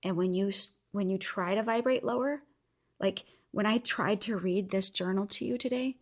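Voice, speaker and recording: Speaking at a moderate pace in a medium-pitched voice, a podcast host in her thirties delivers motivational talk. She earnestly encourages her listeners and lays out a challenge for them.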